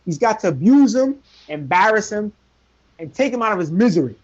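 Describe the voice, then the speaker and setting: A man's voice: high voice, big pitch swings, fairly quick. A man talking sports on a podcast in an emphatic way, repeating himself for effect. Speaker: podcast co-host. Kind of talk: casual sports talk. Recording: muffled lo-fi podcast audio.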